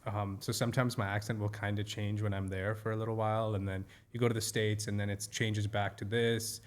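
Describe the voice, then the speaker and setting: A man's voice: lowish voice, level tone, fairly quick. A man from Nigeria co-hosting a podcast, trading jokey banter and laughing often. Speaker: podcast co-host. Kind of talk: casual chat.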